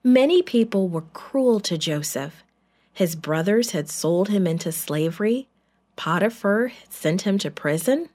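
A woman narrating a Bible story in a measured, clear scripted reading. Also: mid-range voice, animated, a little mellow.

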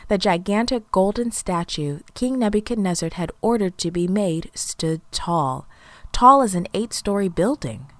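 Expressive woman reading a kids' Bible story. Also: medium pitch, measured pace, dry recording. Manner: lively, expressive storytelling with raised voices for characters. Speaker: children's storyteller. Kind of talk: scripted children's Bible story narration.

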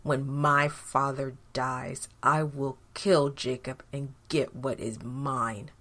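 A woman voicing an angry young hunter who speaks gruffly and bitterly. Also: low-pitched, expressive, unhurried. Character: angry young man, rough hunter son.

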